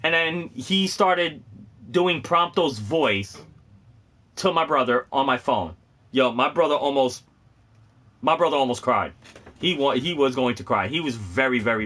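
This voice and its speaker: Excitable rambling man, bright voice. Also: medium pitch. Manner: rambling and excitable, often laughing. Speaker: host of a gaming and cosplay channel. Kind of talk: casual livestream chat.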